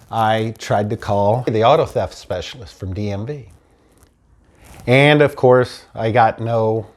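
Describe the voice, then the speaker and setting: A man telling his own true story in an animated, frustrated way, acting out the people he dealt with. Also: medium pitch. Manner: animated, frustrated retelling with quoted dialogue. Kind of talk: personal storytelling.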